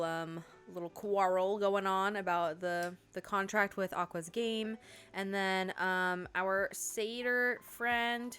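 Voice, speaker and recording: A woman's voice: mid-range voice, fairly bright tone, smooth. A young woman hosting a video game playthrough, chatting casually and reading the game's text aloud. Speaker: gaming video host. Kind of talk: casual let's-play commentary.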